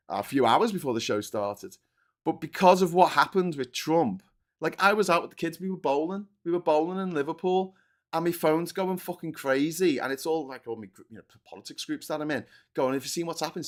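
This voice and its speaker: A man's voice: fairly high pitch, fairly bright tone. A man hosting a political livestream, ranting angrily with heavy swearing and frequent restarts. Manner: angry, profane, ranting with restarts. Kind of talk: heated political commentary.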